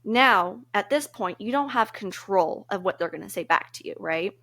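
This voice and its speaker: A woman's voice: medium pitch, animated, normal speed, gravelly, pushed and bright. A woman co-hosting a podcast, talking through relationship advice in a casual, earnest, reflective way and laughing easily. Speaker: podcast co-host.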